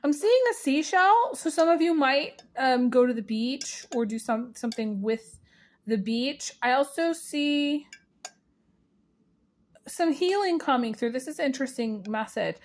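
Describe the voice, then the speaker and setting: A woman's voice: high voice, lively intonation, unhurried. A woman giving a casual spiritual tea reading, rambling with many fillers and breaking into giggles. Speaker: tea leaf reader.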